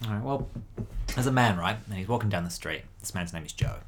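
A man's voice: on the low side, expressive, fast talker, noisy background. Rambling man telling a joke. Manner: rambling, hesitant, sighing often. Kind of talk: telling a joke in casual chat.

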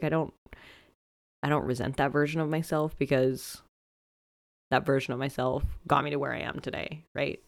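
A man's voice: mid-range voice, creaky, no room sound, studio quality. A man hosting a solo podcast, talking reflectively and candidly in a casual way, swearing often and leaning on fillers. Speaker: podcast host and coach.

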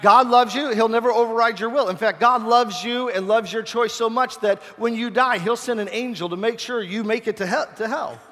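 A man preaching, a pastor telling a humorous story in a relaxed, conversational sermon. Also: very high voice, normal speed, few pauses. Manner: humorous, conversational, self-deprecating. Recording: long reverb of a large hall.

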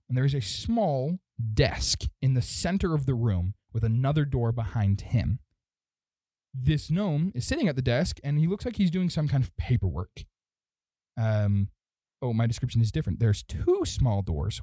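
A man narrating as dungeon master, relaxed and rambling, with fillers and self-corrections. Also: mid-range voice, unhurried, no room sound. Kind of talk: narrating a tabletop game.

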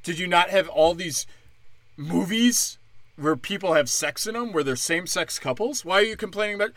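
Young man, sarcastic and swearing, high-ish forceful voice, dry close sound. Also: animated, normal speed, dry recording. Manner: angry, sarcastic, heavy swearing. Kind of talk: profane ranting monologue.

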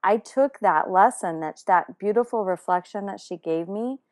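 A woman telling a personal story in a casual, animated way, with many fillers and restarts. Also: mid-range voice, normal speed.

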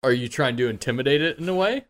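A man narrating as game master, calling for rolls with a relaxed, easy manner. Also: mid-range voice, quick pace.

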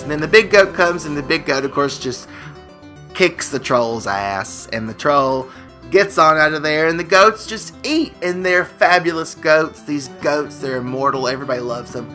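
A man's voice: on the high side, expressive, normal speed, pushed and bright, faint music behind. A man co-hosting a comedy podcast, rambling and joking as he tells stories. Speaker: podcast co-host. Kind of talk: casual comedic banter.

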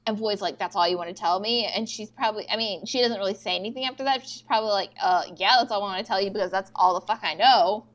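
A woman's voice: mid-range voice, quick pace, few pauses. A young woman co-hosting a podcast, animatedly retelling TV scenes with quoted dialogue and frequent swearing. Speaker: podcast co-host recapping episodes. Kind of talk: casual chat.

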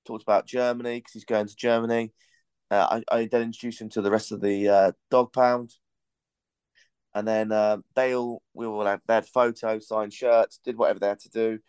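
A man's voice: fairly low pitch, level tone, normal speed, darkish tone, smooth, no echo. A man hosting a podcast, telling a rambling, casual story and swearing now and then. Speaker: podcast host.

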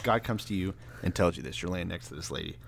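A man's voice: low voice, quick pace, vocal fry, slightly rough. A man co-hosting a casual discussion, retelling stories in a wry, conversational way. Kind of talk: casual irreverent Bible discussion.

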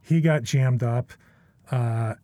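Taking it slowly, a middle-aged man with a warm, mid-range voice tells casual stories on a podcast. He often rambles and restarts, tags sentences with questions, and swears plenty, in a dry recording.

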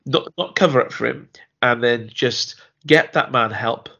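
A man's voice: mid-range voice, measured pace, creaky, sharp tone. Rambling man on a muffled mic. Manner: rambling, restarts often, acts out quoted lines. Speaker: podcast co-host. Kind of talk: casual chat reviewing a TV series.

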